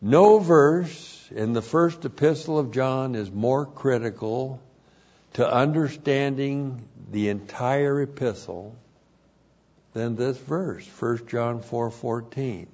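Man, Bible teacher, expository teaching, very slow pace, repeats words for emphasis, muffled lo-fi recording. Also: mid-range voice, darkish tone, slightly rough.

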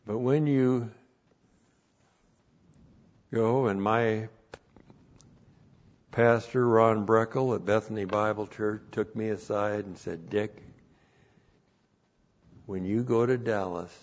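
A man preaching a sermon and teaching the Bible as a pastor, repeating phrases and rising loud to stress a point. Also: fairly low pitch, steady tone, slow pace, pauses often. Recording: dull lo-fi recording.

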